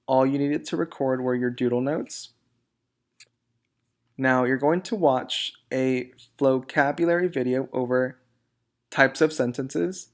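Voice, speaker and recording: A male teacher walks students through a recorded grammar lesson. He speaks slowly and clearly in a mid-pitched voice, reading each example sentence aloud.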